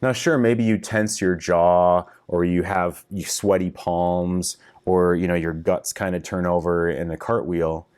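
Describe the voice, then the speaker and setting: Middle-aged guy coaching men, real deep voice, blunt and casual, swears a lot. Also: steady tone, a little slow, few pauses, a little mellow, smooth. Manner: frank, casual, swears freely, coaching directly. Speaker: relationship coach. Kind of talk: video lesson for men.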